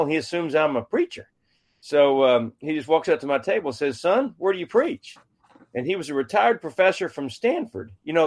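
A middle-aged man, an author and guest, telling stories in a folksy, conversational way and acting out what people said. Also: mid-range voice. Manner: folksy and animated, acting out quoted dialogue. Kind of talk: conversational storytelling.

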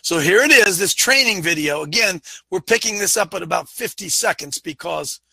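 A man with a high, very bright and piercing voice hosts a talk show, holding forth like a preacher. He talks fervently and with heavy emphasis, breaking into yelling now and then. The sound is close and dry. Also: expressive, normal speed, gravelly, slightly rough, no room sound.

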